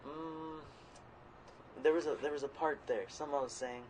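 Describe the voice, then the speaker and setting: A man chatting as a podcast co-host, with a voice pitched a little high. He rambles, swears freely and breaks into loud quoted voices. A faint hum sits underneath. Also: fairly even intonation, moderate pace, poor audio. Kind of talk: casual chat.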